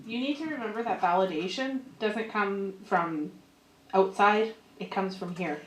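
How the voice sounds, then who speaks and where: A woman's voice: medium pitch, measured pace. Earnest woman in an echoey hall. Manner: earnest, affirming. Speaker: speaker's partner addressing the audience. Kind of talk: short motivational address. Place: seminar room before a live audience. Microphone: handed microphone. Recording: echoey room with faint hiss.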